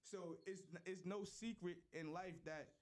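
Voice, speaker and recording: A man's voice: high voice, fairly even intonation, unhurried. Man holding forth in casual talk. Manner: lecturing, asks "you feel me?". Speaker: podcast host. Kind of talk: casual group chat.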